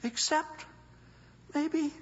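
A man preaching a sermon as a dramatic, animated storyteller with folksy asides, in a dull lo-fi recording. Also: very high voice, drawn-out words.

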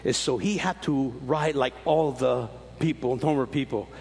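Husky preacher man in an echoing hall. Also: mid-range voice, normal speed. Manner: animated storytelling with emphatic rises and repeated restarts. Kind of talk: sermon. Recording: long reverb of a large hall.

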